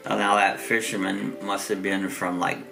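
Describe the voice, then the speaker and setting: Gravelly low-voiced man with a chest cold. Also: flat delivery, normal speed, music in the background, poor audio. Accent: Southern Ohio. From Ohio. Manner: rambling, easygoing, chuckles often. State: chest congestion. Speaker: host. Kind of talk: casual morning chat.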